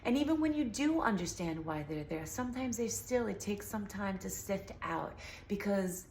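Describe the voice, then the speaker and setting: A woman's voice: mid-range voice, expressive, normal speed, a little mellow. Woman vlogger, casual and rambling, slightly sore voice; echoey room, faint background hiss. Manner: earnest, rambling, many fillers. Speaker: healing vlogger. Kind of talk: casual talk to camera.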